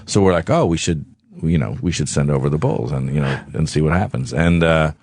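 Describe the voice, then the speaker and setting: A man telling a long story on talk radio, rambling, profane and animated. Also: a bass voice, brisk, breathy edge, no room sound. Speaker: studio guest.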